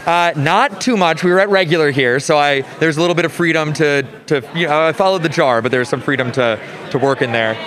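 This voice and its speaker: A man's voice: fairly high pitch, a little fast, a bit bright. A man who judges card games, answering interview questions thoughtfully and with enthusiasm. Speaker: tournament judge.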